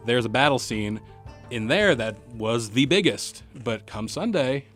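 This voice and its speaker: A man's voice: medium pitch, expressive, a little slow, fairly bright tone, faint music behind. A man hosting a podcast, chatting casually and laying out his points at length. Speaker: podcast host. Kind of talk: casual chat.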